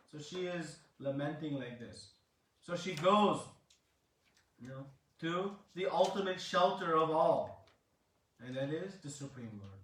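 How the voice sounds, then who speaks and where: A man's voice: on the high side, unhurried, fairly bright tone, recorded from a distance. A man giving a devotional talk, retelling a scripture story with many fillers and rising to dramatic emphasis. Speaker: preacher. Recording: echoey room, speaker away from the mic.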